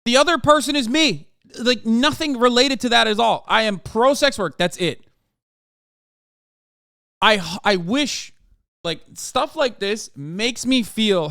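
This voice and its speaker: A man's voice: high-pitched, lively intonation, moderate pace, vocal fry, bright, forceful tone, no echo, studio quality. An American man in his thirties, a streamer ranting through livestream commentary, swearing constantly and exasperated.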